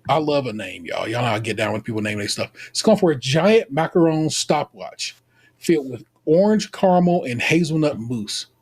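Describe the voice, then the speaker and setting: A husky, mid-range male voice at a normal speed. He's an American podcast co-host recapping a baking show, keeping the chat playful, animated and packed with Southern-leaning slang like "y'all."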